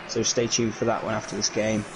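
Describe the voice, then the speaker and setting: A man's voice: fairly low pitch, brisk, background noise. Man doing video game commentary. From England. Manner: lively, filler-heavy play-by-play. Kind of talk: solo play-by-play commentary.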